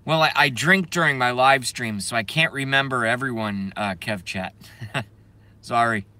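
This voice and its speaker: With a medium-pitched, pushed, bright voice and no echo, this man chats his way through a casual stream. He curses, rambles, reads viewer messages aloud, and laughs a lot, interrupting himself and stretching out filler sounds.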